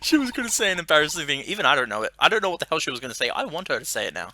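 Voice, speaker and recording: A game streamer making excited side comments during a playthrough. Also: mid-range voice, racing, no echo, clean studio sound. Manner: excited, laughing asides. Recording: game music behind voice. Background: game music.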